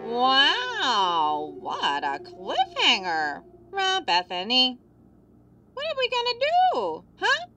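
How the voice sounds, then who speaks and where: A woman voicing a chirpy, clingy female talking purse that babbles excitably. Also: high-pitched, slow pace, far from the mic, slight background noise, full character voice. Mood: giddy.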